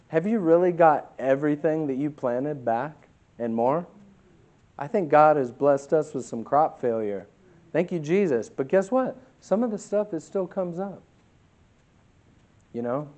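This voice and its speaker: Male pastor, higher voice, emphatic sermon delivery that swings between loud and quiet. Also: animated. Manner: reads scripture slowly and deliberately.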